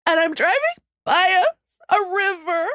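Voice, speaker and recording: A woman's voice: extremely high pitch, lively intonation, normal speed, sharp tone, no echo, studio quality. A woman co-hosting a casual podcast, talking in a rambling, self-deprecating way and often laughing. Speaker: podcast co-host. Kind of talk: casual chat.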